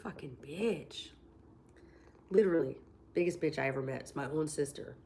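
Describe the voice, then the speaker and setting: A woman's voice: low-pitched, fast talker, gravelly, dark tone. A woman in her forties who has a cold, telling blunt, profane stories on a casual livestream and acting out what people said. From Florida. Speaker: livestream host. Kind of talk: casual live-stream storytelling.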